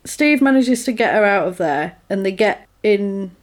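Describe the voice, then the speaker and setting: Chatty woman retelling a plot. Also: mid-range voice. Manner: animated, acts out characters' lines in quick voices. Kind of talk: casual chat retelling a film plot.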